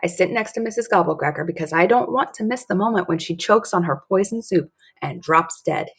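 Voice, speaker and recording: A woman's voice: on the low side, lively intonation, a little fast, slightly rough. A woman reading a children's book aloud and adding chatty explanations. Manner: chatty asides with soft laughs. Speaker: storybook reader.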